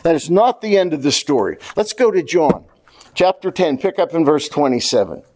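A pastor preaching a sermon, repeating key phrases for emphasis and putting questions straight to the congregation in a folksy way. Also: male voice, fairly high pitch, big pitch swings, moderate pace, darkish tone. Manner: addresses the congregation directly with questions; folksy, drops into casual slang.

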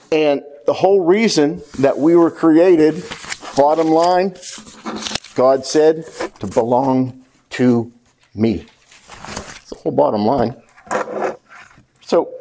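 A pastor preaching a sermon, repeating key phrases for emphasis and putting questions straight to the congregation in a folksy way. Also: male voice, fairly high pitch, darkish tone. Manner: addresses the congregation directly with questions; folksy, drops into casual slang.

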